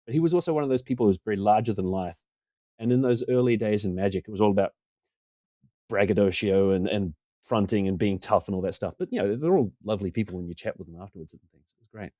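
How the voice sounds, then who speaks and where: A low-pitched man in his forties talks quickly as a podcast guest, recorded close and dry with no room sound. He is self-deprecating and gets animated when he acts out what other people said. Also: dry recording. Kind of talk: casual storytelling interview.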